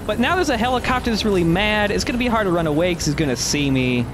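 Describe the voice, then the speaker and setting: A man's voice: sits high, expressive, fast. A young man doing casual, joking game commentary as a let's play host, laughing often.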